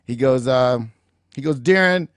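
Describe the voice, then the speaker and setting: A middle-aged man hosting a show, telling a motivational story in an animated, emphatic way and acting out the dialogue. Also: on the high side, a little fast, vocal fry, dry recording, studio quality. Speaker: show host, motivational speaker.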